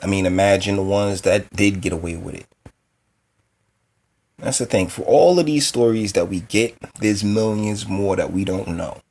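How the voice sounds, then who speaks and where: A man with a lowish, darkish voice speaks at a normal pace on his own commentary show. He reacts bluntly and emotionally to news clips and reads an article aloud, sounding exasperated.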